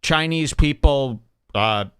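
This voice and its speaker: A man's voice: on the high side, takes it slowly, fairly bright tone, smooth, no room sound, clean studio sound. A man hosting a comedy radio show, delivering a sarcastic, mock-serious rant meant to provoke.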